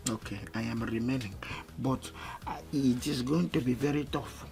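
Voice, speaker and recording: A man's voice: mid-range voice, normal speed, lightly acted. An actor with a Nigerian Pidgin accent playing a nervous, hesitant young man hiding his girlfriend. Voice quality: hesitant, timid. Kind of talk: film comedy acting. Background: film score music.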